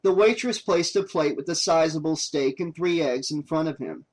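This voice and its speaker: A man narrating an audiobook in a steady, even reading voice. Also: fairly high pitch, normal speed, low-quality recording. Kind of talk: scripted narration.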